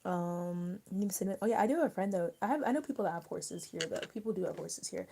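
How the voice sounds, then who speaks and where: A young woman from Maryland hosts a casual livestream, chatting to her viewers in a loose, rambling way. Her speech is full of fillers and restarts. Her voice is warm and mellow. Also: fairly low pitch, quick pace, creaky, slight background noise. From Maryland, USA. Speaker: livestream host.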